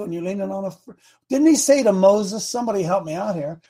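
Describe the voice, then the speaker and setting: A man's voice: high-pitched, brisk, warm tone. A man preaching a sermon as a coach, folksy and emphatic, retelling Bible stories in slang.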